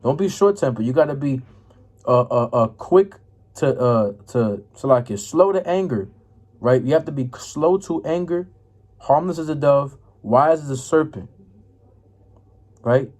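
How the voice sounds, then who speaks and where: A religious teacher leads a casual, repetitive scripture lesson, reading verses, explaining them, checking in with "right?" and "man" and stumbling as he searches for passages. His medium-pitched voice is animated, unhurried and a little mellow.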